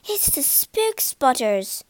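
A woman voicing a genteel lady ghost in a storybook reading, prim and excitable. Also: on the high side, measured pace, clean tone, no echo. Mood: excited.

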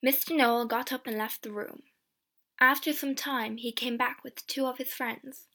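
A woman reading a storybook aloud in a clear, steady first-person narration. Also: a little high, moderate pace.

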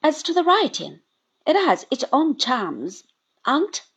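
A woman reading the part of a calm, composed young man who answers mildly and cheerfully. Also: high-pitched, takes it slowly, voice pushed up, exaggerated voice. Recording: dull lo-fi recording.

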